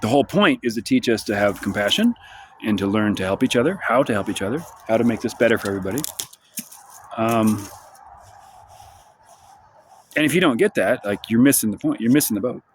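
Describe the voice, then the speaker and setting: A man's voice: lowish voice, expressive, brisk, pauses often, slight background noise. A man delivering a rambling, profane, sardonic monologue for his vlog, outdoors in the sunshine. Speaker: vlogger.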